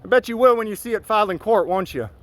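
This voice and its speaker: High-voiced man yelling taunts outdoors. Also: expressive, fast talker. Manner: taunting, profane, yelling at an officer. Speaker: cop watcher, channel host. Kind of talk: live-streamed confrontation with police. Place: outdoors on a sidewalk.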